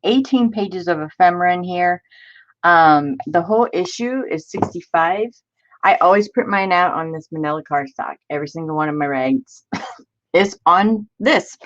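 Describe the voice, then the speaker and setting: A woman hosting a casual crafting live stream, chatty and excitable as she greets viewers by name. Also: on the low side, normal speed, dull audio. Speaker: crafting channel host.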